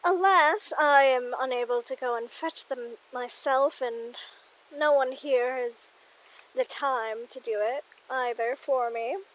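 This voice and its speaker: A woman voicing a frail, polite woman who asks for help, speaking slowly and formally. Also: high voice, rough recording.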